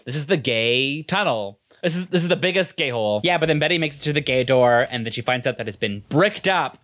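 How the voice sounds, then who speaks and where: A woman co-hosting a casual podcast, recapping an episode quickly and swearing freely. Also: very deep voice, animated, a bit bright. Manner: swears, laughs, quick recaps with acted quotes. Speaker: podcast co-host.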